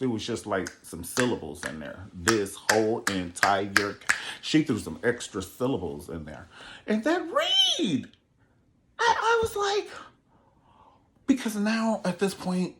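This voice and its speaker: A man giving a sassy, theatrical solo recap of a reality show, acting out quotes with big jumps in his voice. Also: on the low side. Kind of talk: animated solo commentary.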